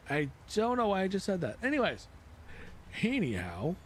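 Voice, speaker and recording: A man's voice: high-pitched, wildly swooping pitch, normal speed, a little hiss or hum. Rambling man chatting on a sim stream. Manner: rambling, self-mocking asides. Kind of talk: casual live-stream chat.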